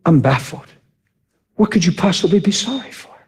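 Husky, animated man preaching a testimony. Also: sits high, moderate pace. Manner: animated storytelling, swings from shouting to hushed near-whispers. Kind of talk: sermon testimony.

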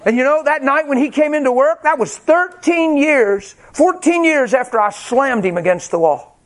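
Speaking at a moderate pace, a male preacher with a high-pitched voice walks through a personal story in a sermon. He's expressive and self-deprecating, acting out each line he quotes.

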